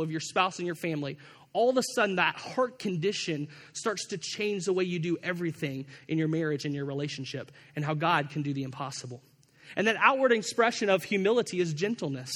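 A pastor preaching a sermon in a relaxed, conversational way, often repeating words as he restarts a thought. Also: high voice.

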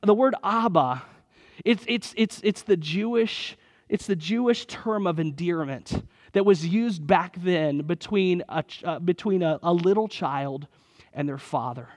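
A man's voice: high-pitched, unhurried, in a large hall. A man in his thirties preaching a sermon in an earnest, conversational way, often repeating his phrases. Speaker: pastor.

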